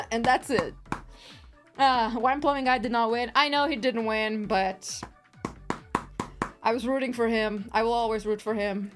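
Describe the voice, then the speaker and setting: A woman's voice: a little high, steady tone, unhurried, long pauses, soft background music. A woman streamer chatting casually while crafting on a livestream, giggly, rambling and playful.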